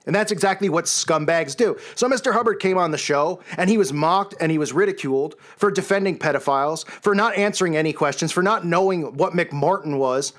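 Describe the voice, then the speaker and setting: Channel host, male, high voice, scornful yelling rant. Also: a little fast, few pauses. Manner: yells and raises his voice, scornful. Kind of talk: angry monologue rant.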